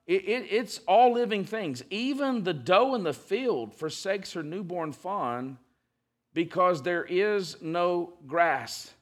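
A man preaching a sermon, reading scripture aloud with emphatic, slowed stress on key words and frequent restarts. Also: high voice, a bit bright. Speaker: pastor.

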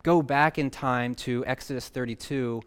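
A man's voice: mid-range voice, steady tone, moderate pace, smooth. A young man preaching a sermon in a conversational way, reading scripture aloud with emphasis. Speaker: pastor.

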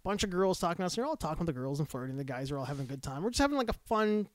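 Casting: man, high lively voice, fast, laughs easily, dry sound. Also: no room sound. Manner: laughs often, animated storyteller. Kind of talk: casual chat.

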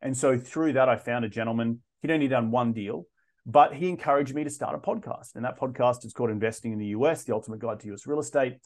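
A man talks through his story as a podcast guest, his voice sitting at an ordinary middle pitch. He speaks with animation, often breaking off and repeating words before finding his way forward. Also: fast. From Australia. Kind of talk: casual interview storytelling.

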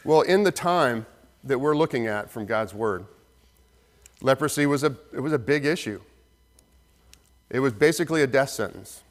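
A man preaching a sermon as pastor, earnest, slowing down for emphasis and acting out the voices in the story. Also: medium pitch, expressive. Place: church sanctuary. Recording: long reverb of a hall.

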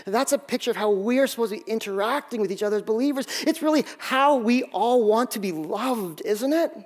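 A man's voice: very high voice, lively intonation, brisk. A man preaching as pastor in a conversational sermon, telling self-deprecating stories with frequent restarts.

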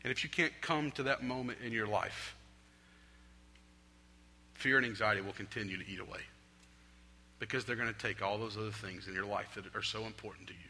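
A man's voice: lowish voice, brisk, pauses often. Impassioned preacher man in a big hall. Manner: impassioned preaching, swinging from shouts to hushed prayer. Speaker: pastor. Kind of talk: sermon. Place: stage in a large hall. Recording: long hall reverb.

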